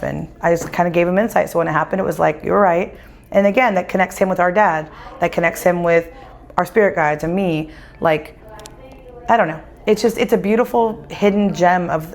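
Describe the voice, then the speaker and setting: Woman medium telling stories, acts out the quotes, lowish voice. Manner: animated, acts out quoted dialogue. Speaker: psychic medium guest. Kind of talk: casual storytelling conversation. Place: winery.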